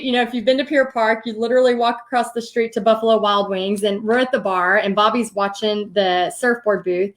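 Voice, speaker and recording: A woman in her thirties with a Southern US accent, hosting and telling a personal story in a chatty, animated way with many ums. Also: medium pitch, fairly quick, few pauses. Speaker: host. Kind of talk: casual storytelling livestream.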